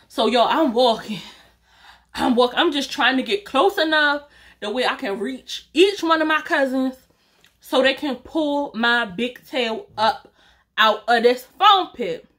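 High, bright-voiced woman telling a story. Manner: animated, talks straight to viewers, swears casually. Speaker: YouTuber. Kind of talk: storytime vlog.

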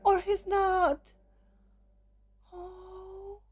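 A woman's voice: very high-pitched, monotone, very slow. A woman hosting a music video reaction, talking emotionally with frequent awed exclamations.

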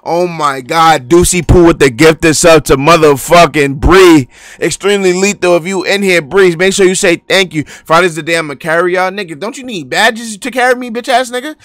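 A man hosting a live reaction stream, excitable and profane, bantering with his chat. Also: on the high side.

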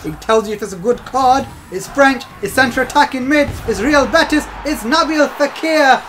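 A man's voice: extremely high pitch, normal speed, a bit bright, slight background noise. A young man giving casual commentary while opening game packs, chatty and exasperated, laughing through his disappointment. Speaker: gaming video host.

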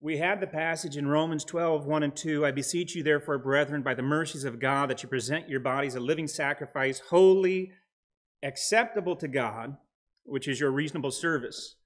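Man, pastor, sermon, earnest, dry humor, scripture reading, a bit high-pitched. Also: fairly quick, a bit bright.

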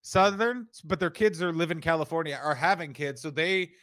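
A man's voice: on the high side, normal speed, a bit bright, no echo. A man co-hosting a comedy podcast, rambling and riffing with mock outrage. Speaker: podcast co-host.

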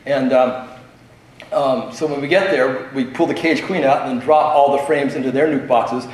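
A man's voice: medium pitch, steady tone, normal speed. A middle-aged man giving a talk at a convention, a chatty storyteller who laughs often and fills gaps with um and uh. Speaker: convention speaker. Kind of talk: conference talk with anecdotes. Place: large convention hall. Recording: echoey hall with strong reverb.

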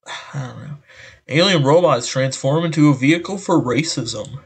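A man's voice: medium pitch, normal speed, vocal fry, breathy edge. A man reading an article aloud and reacting with exasperated, rambling commentary through a voice changer, sighing often. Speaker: online commentator.

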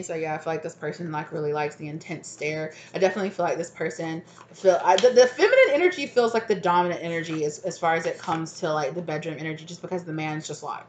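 A woman's voice: sits low, expressive, fast, slight background noise. A woman giving a casual tarot card reading at home, talking frankly and often laughing as she goes. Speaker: tarot reader.

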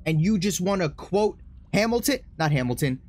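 A man streaming a horror game, joking, excitable and laughing often. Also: high-pitched, normal speed. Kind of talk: horror game let's play commentary.

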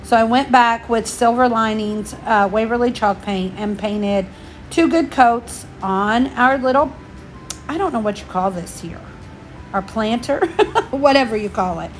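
A woman's voice: a little high, a little slow, faint music behind. A woman, slightly out of breath, chatting through a step-by-step craft tutorial for her channel. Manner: chatty, homey, explains each step.

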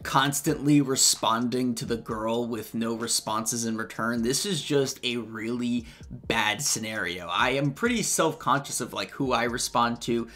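A man's voice: medium pitch, a little slow, fairly bright tone. Laid-back young man with slangy banter. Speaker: YouTuber. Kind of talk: casual commentary on read-out text messages.

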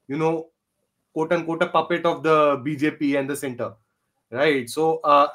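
A man speaks as a podcast panelist. His voice sits a little high, and he thinks aloud with many fillers. Now and then he slips in some dry sarcasm. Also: a bit bright. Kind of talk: casual political discussion.

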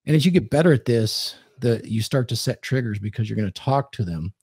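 A man's voice: medium pitch, expressive, a little fast, a little mellow, breathy edge, no echo. A man hosting a podcast, giving dating advice in casual chat and acting out quoted lines in a commanding tone.

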